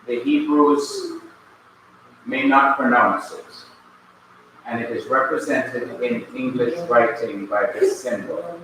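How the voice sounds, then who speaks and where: A male Bible language teacher from Jamaica, lecturing a class slowly and patiently, repeating key points. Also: medium pitch, wildly swooping pitch, fairly bright tone, a little hiss or hum. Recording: echoey classroom, mic at a distance.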